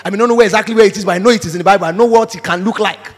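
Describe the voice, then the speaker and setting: Emphatic high-voiced preacher. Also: male voice, racing. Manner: emphatic preaching, acts out quoted voices, code-switches. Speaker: pastor. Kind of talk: sermon. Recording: reverberant hall.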